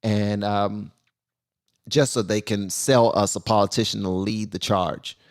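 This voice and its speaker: A man's voice: on the low side, steady tone, a little slow. A man hosting a casual live stream and talking loosely, with many fillers and restarts.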